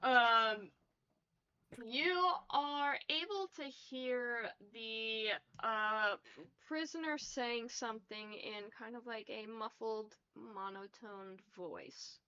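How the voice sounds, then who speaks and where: A woman's voice: fairly high pitch, very slow, bright, forceful tone, smooth. A woman narrating a tabletop game as game master, with hesitant, filler-heavy delivery. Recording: dull lo-fi audio.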